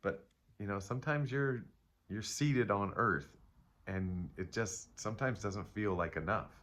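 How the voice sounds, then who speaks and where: Rambling low-voiced man reading tarot. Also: unhurried, a bit bright. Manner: rambling, self-interrupting, playful asides. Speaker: tarot reader. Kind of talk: casual spiritual tarot reading.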